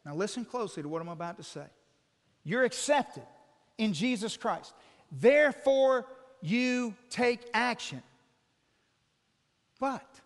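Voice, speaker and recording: High-voiced preacher in a reverberant hall. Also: male voice. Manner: earnest, explaining with illustrations and direct questions to listeners. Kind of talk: sermon.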